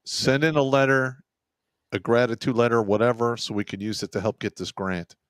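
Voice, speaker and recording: A man's voice: medium pitch, moderate pace, no echo. A man hosting a live show, talking bluntly in casual chat and cursing freely. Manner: profane, blunt, animated storytelling. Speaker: show host.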